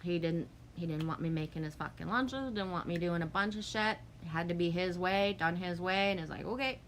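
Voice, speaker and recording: A woman in her forties chatting casually on a livestream, reading out viewer comments and rambling through animated stories with swearing and acted-out quotes. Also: fairly low pitch, a little fast, slight background noise.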